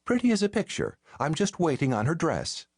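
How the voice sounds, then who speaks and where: A brisk, dry older aunt who runs a funeral home, played by a male audiobook narrator speaks in a lifted, matter-of-fact voice. Her lines come out clipped and practical, with lively swings in pitch. The recording is dry and close. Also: no echo. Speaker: character in audiobook.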